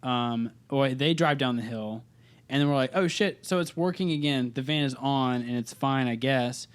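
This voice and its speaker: A man's voice: medium pitch, normal speed, clean tone. A young man, a podcast guest, telling a story in casual chat, rambling, swearing often and interrupting himself. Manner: rambling, profane, self-interrupting. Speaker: podcast guest, band singer.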